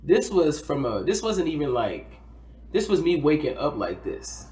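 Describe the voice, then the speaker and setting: A man's voice: on the high side, a little slow. A man from New Jersey co-hosting a podcast, telling a story in casual slang and acting out the people in it. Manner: animated, acts out quoted voices, heavy slang. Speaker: podcast co-host. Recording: roomy echo.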